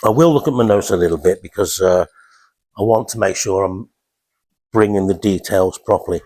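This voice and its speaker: A man gives his first talk in a small lounge, speaking haltingly with restarts and fillers. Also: low-pitched, a little mellow. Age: 50s. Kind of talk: informal talk to a small audience.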